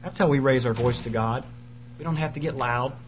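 A man's voice: mid-range voice, a little fast, lo-fi sound, a little hiss or hum. A man preaching an earnest, emphatic sermon and reading scripture aloud.

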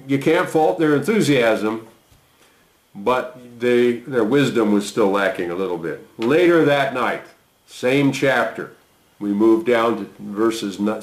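A man delivers a sermon at an ordinary middle pitch, raising his voice for scripture and falling quiet and conversational for reflection. The sound carries a roomy echo around him. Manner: lifts voice to read quoted lines, drops low for reflection; conversational asides with fillers. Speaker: preacher. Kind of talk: sermon reading and explaining scripture.

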